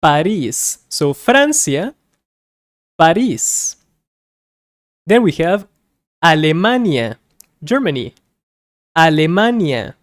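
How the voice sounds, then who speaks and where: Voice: medium pitch, very animated, slow pace, pauses often, no echo, studio quality. A Spanish teacher giving a beginner lesson, saying each word several times for learners and explaining in plain terms. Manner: explains in plain terms with small personal asides.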